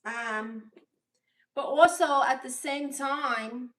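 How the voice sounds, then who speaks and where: A woman's voice: high voice, extremely slow, a bit bright. Sassy Brooklyn woman chatting on a livestream. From Brooklyn, New York. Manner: blunt, sassy, unapologetic. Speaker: livestream host. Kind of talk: casual livestream chat reading viewer comments.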